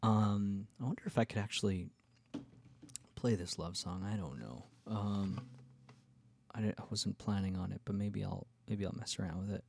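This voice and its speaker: A man's voice: lowish voice, moderate pace, creaky, a little mellow, a little hiss or hum. A man hosting his own podcast, telling a travel story in a candid, rambling, self-deprecating way, with lots of fillers and restarts. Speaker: podcast host. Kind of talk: casual solo storytelling.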